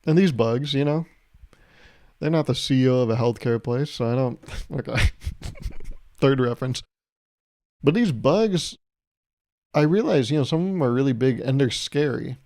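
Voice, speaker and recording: A man's voice: medium pitch, expressive, moderate pace, long pauses, a little mellow. A man hosting a solo comedy podcast, rambling through stories in a self-mocking way and laughing often. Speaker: podcast host.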